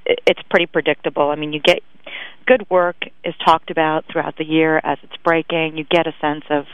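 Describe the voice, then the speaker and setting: A woman guest talks over a tinny, phone-like line with a smooth, clear voice and a dry sound. She chats freely, laughs often and trips over her own restarts. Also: lowish voice, no room sound. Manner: chatty, laughing, hesitant restarts. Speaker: guest, magazine editor. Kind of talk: casual interview.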